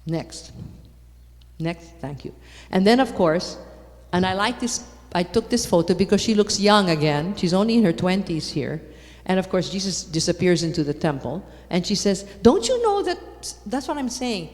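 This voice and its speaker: A woman giving a lively conference talk, repeating her points for emphasis and putting rhetorical questions to the audience. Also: fairly low pitch, moderate pace. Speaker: conference speaker. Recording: long hall reverb.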